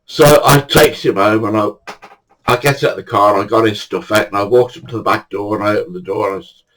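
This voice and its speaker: A man's voice: fairly low pitch, quick pace, a bit bright, rough recording. An older man casually telling a funny true anecdote, chatty and swearing now and then, acting out the dialogue. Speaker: storyteller.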